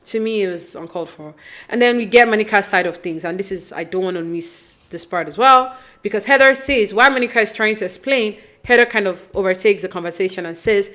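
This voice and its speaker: A woman talks through a reality-TV episode in a chatty, opinionated way, stumbling over restarts and fillers as she thinks aloud. Her voice sits at an ordinary middle pitch for a woman. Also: lively intonation, brisk, pushed and bright. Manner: acts out quoted lines with mock voices. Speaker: podcast host recapping reality TV. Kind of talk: casual recap commentary.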